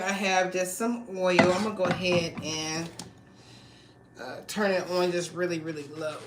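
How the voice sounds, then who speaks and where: A woman hosts a casual live cooking stream from her home kitchen, chatting straight to her viewers. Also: medium pitch. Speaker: livestream host. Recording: echoey kitchen with faint noise.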